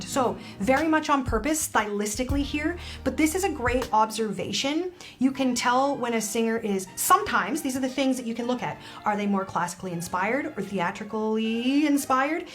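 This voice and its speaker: A woman's voice: on the high side, lively intonation, moderate pace, hardly any pauses. A woman vocal coach breaking down a singer's technique in reaction commentary, analytical and demonstrating sounds as she explains. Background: faint music playing.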